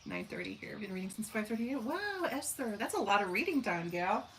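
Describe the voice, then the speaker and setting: A woman's voice: medium pitch, huge pitch swings, a little fast, a little hiss or hum, poor audio. A woman in her forties from southern Missouri, hosting a casual live stream, chatting folksily with viewers and talking to her dogs. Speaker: livestream host. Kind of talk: casual live chat reading comments.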